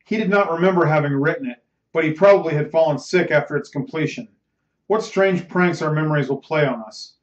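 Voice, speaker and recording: A man reading a novel aloud as host of a bedtime reading show, measured and dramatic. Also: fairly high pitch. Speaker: audiobook reader, host. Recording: roomy, slightly muffled recording.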